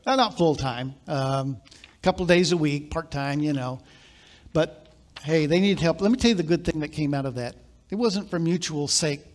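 A man preaching a sermon as pastor, live in a church, telling stories in quiet asides and then building to loud, emphatic points. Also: on the high side.

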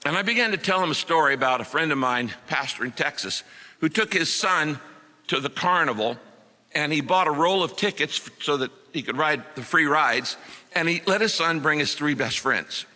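Earnest middle-aged preacher, bright ringing voice. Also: male voice, a little high, normal speed, long reverb tail. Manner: earnest, dramatic storytelling with acted quotes. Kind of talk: sermon storytelling.

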